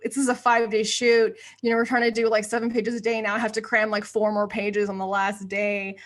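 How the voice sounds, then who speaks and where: A woman's voice: mid-range voice, fairly quick. A woman in her thirties from the United States, chatting as a podcast guest and acting out quotes as she tells stories. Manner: animated storyteller, acts out quotes. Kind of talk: casual interview chat.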